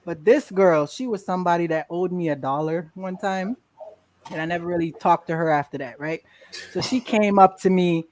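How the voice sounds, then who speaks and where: A woman guest in a casual interview, telling a lively story, acting out quotes and laughing often. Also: lowish voice, moderate pace, no room sound. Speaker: podcast guest.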